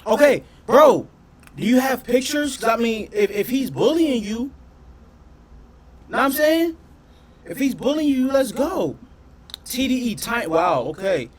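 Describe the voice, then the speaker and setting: A man doing casual reaction commentary on his channel, talking in an animated, profane way and often questioning his audience. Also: extremely high pitch, a little slow, pauses often. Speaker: reaction streamer.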